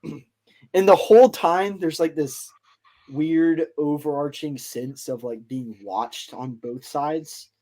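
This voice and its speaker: A man's voice: fairly high pitch, slow, dark tone. A man hosting a podcast, retelling a story in a loose, rambling way with lots of fillers. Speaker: podcast host. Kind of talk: casual storytelling chat.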